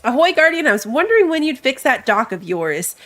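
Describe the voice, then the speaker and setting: A woman's voice: sits high, very animated, a little fast, fairly bright tone. A woman voicing a hearty seafaring female fox merchant as she reads game dialogue aloud in a raised voice.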